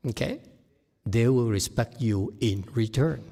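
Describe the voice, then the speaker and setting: A man teaching as a meditation master in a dharma talk, shifting from quiet murmurs to loud, laughing exclamations. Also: on the low side, lively intonation, measured pace. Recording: long hall reverb.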